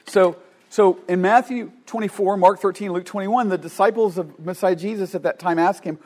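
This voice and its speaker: A man preaches with fervor, surging loud and dropping to near-murmurs. His voice sits high for a man. He often restarts mid-phrase as he presses on. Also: fairly even intonation, moderate pace. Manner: fervent, rising and falling, with many restarts. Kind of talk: sermon.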